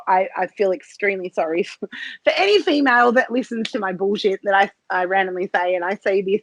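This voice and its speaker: A woman's voice: medium pitch, rough recording. A woman being interviewed as a podcast guest, chatting casually, giggling often and hesitating with many fillers. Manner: giggly, laughs often mid-sentence. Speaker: podcast guest, cam model.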